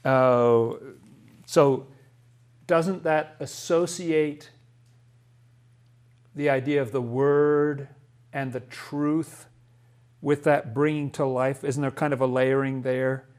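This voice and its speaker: A man's voice: medium pitch, fairly even intonation, takes it slowly, long pauses, darkish tone, smooth. A man leading a Bible study lesson. He talks thoughtfully, often restarts his sentences and asks rhetorical questions.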